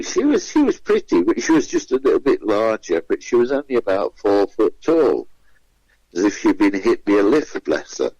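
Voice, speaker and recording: This man, a comedian guesting on a radio show, spins chatty stories and mimics the people in them. His voice sits lowish and sounds mellow, captured lo-fi without any echo.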